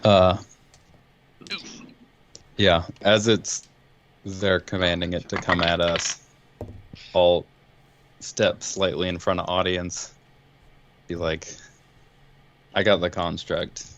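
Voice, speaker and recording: A man speaking as a player in a tabletop game, laid-back and halting. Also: low voice, little pitch movement, a bit bright, a little hiss or hum. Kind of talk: casual tabletop play. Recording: dull lo-fi mic.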